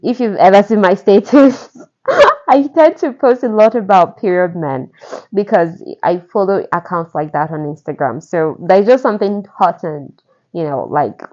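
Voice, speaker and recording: A woman with a fairly low voice retells a romance novel in a casual, chatty way, full of asides to the listener. The recording sounds dull and lo-fi. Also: a little mellow. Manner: gushing, conversational, asides to the listener. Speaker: podcast narrator retelling a novel.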